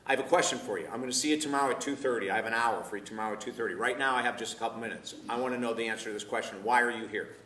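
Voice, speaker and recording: A man's voice: mid-range voice, racing, hardly any pauses, bright, forceful tone, roomy sound, distant mic, slight background noise, natural voice. A man quoting a stern older male priest, speaking curtly and directly. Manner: curt, commanding.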